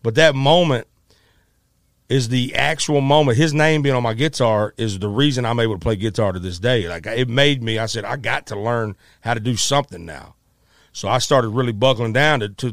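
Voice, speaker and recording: A middle-aged man, a musician, telling a story in a casual, animated way, acting out quotes with many restarts. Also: mid-range voice, moderate pace, no room sound, studio quality.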